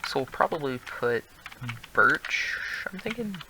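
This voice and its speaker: A teenage boy hosts a gaming video, casually talking over his own building game in a slightly high, sing-song voice at a measured pace. He rambles, pokes fun at himself, laughs often, and is prone to coughing. Background noise is audible.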